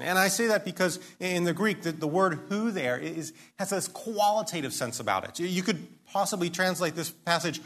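A man's voice: a little high, a bit bright. A man preaching a sermon, earnest and emphatic, often posing questions and restarting his sentences. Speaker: pastor.

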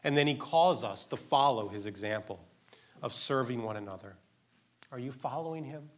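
A man's voice: medium pitch, lively intonation, moderate pace. A man preaching a sermon in an earnest, emphatic way, asking his listeners direct questions.

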